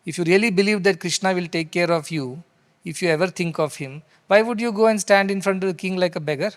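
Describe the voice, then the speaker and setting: A man voicing a calm, wise poor village wife who firmly corrects her husband. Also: sits high, fast talker, lightly acted. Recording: long hall reverb.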